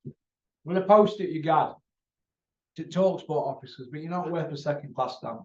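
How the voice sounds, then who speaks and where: A man rants off the cuff, blunt and mocking, calling people out by name with a fairly high voice. He is heard from a little way off the mic in an echoey room, and the recording sounds dull and muffled. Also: moderate pace, a little mellow. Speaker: boxing vlogger. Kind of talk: off-the-cuff rant to camera. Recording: roomy, distant, dull sound.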